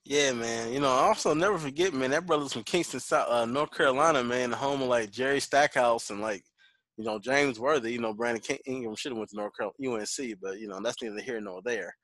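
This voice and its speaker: A man's voice: medium pitch, brisk, a bit bright, no room sound. A man in his forties co-hosting a podcast, telling joking stories in casual slangy sports chat. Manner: laid-back, joking, slangy storyteller. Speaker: podcast co-host.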